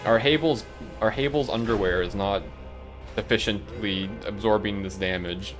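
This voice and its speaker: A man with a fairly low voice speaks at normal speed, music audible in the background. He's gaming on stream and spinning loose, rambling stories from school, laughing frequently and saying "like" a lot.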